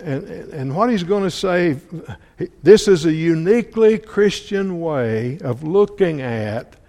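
A man preaching a sermon, halting and repeating words often, asking his listeners questions. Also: on the high side, creaky, a little mellow. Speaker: preacher or Bible teacher. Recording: long hall reverb.

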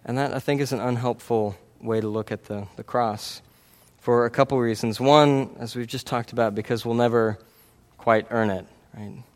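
Speaking at normal speed with hardly any pauses, a man with a mid-range voice and fairly even intonation preaches a sermon. He is earnest and conversational, repeatedly asking the congregation "right?" and restarting sentences.

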